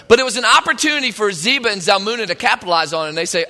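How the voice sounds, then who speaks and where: A man preaching a sermon, retelling a story in an animated, conversational way. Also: sits high, fast. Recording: long hall reverb.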